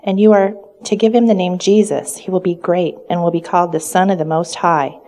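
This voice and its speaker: A woman's voice: lowish voice, steady tone, a little fast, warm tone, natural voice. A woman voicing a male angel who solemnly proclaims a message.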